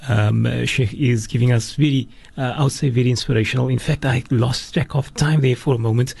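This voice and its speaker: A man with a gravelly, rough voice presents a radio talk show, hesitating often. The studio sound is dry and close. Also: medium pitch, fairly even intonation, brisk, a little mellow, no room sound. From South Africa. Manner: hesitant, lots of fillers.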